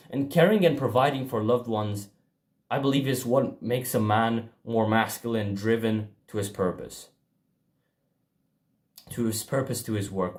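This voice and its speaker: A man's voice: lowish voice, a little mellow. Profane, emphatic young man vlogging. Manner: blunt and profane, emphatic with frequent restarts. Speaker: self-improvement vlogger. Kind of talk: casual motivational monologue.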